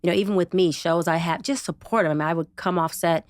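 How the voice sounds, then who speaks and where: A woman guest on a podcast, a psychologist and TV producer, telling a personal story in a casual, expressive way with slang. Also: quick pace, no echo, clean studio sound. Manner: expressive, casual and slangy, acts out quotes with big pitch jumps. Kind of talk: animated personal storytelling in an interview.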